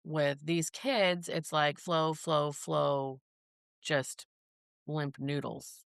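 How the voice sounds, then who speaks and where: A mother of a child with a rare disease tells her story as a podcast guest, earnest and casual, acting out the conversations she remembers. Her low voice has vocal fry, fairly even intonation and a clear, resonant tone, and she speaks extremely slowly. The studio-quality recording has no room sound.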